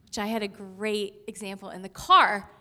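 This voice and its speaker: A woman's voice: mid-range voice, fairly even intonation, normal speed, pushed and bright. A woman in her thirties giving a conversational sermon in a chatty way, laughing often and using many fillers. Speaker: pastor.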